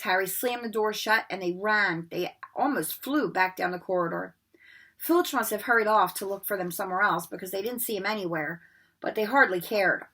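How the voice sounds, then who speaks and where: Bright expressive woman reading aloud. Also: medium pitch. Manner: expressive, dramatic storytelling. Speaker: read-aloud narrator. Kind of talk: children's book read-aloud.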